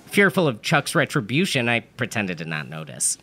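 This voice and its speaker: Man narrating deadpan, bright tone. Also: mid-range voice, moderate pace, breathy edge. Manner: dry, matter-of-fact delivery of absurd events. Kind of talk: deadpan comedic storytelling.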